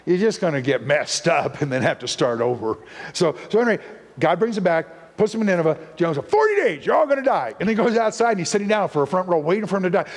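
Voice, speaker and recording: A man's voice: fairly high pitch, animated, quick pace. A man preaching as a guest speaker to a live church audience, playful and full of puns, acting out voices as he teaches. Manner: playful, punning, acts out voices. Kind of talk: sermon teaching. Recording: long reverb of a church hall.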